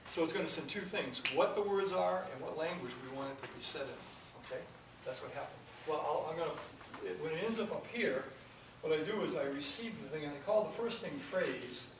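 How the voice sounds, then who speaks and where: A man's voice: fairly high pitch, expressive, brisk, few pauses. A man teaching a classroom coding lesson, talking through the code step by step with casual asides. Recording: echoey classroom from far off with noise.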